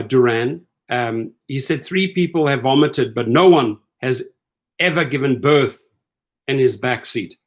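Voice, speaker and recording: A middle-aged man hosting rideshare commentary in a casual, incredulous rant, acting out the people he quotes. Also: medium pitch. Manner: animated, incredulous, acts out quoted lines.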